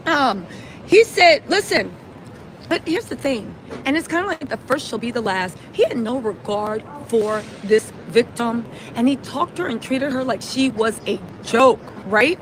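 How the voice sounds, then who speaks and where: A woman hosting a casual livestream from a city street, talking fast and emphatic, tagging "right?" onto her points. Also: fairly high pitch, expressive, a little hiss or hum, rough recording. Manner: chatty, emphatic, many "right?" tags. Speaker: livestream host.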